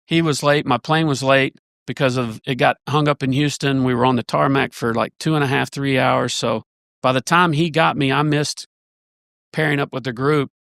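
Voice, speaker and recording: A man, a church elder, telling a long story in a casual podcast conversation, rambling and animated with many restarts. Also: medium pitch, normal speed, gravelly, no room sound, clean studio sound.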